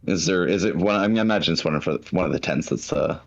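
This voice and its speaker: Very deep-voiced male player. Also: fast, gravelly, highs cut off. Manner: casual, chuckling, full of fillers. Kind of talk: tabletop role-play.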